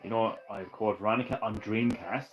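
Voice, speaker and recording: A man streaming retro games live, ranting and swearing with bursts of excitement and laughter. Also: on the low side, fairly quick, soft background music, low-quality recording. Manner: ranting, profane, excitable, laughs at own jokes. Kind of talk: casual live-stream chat.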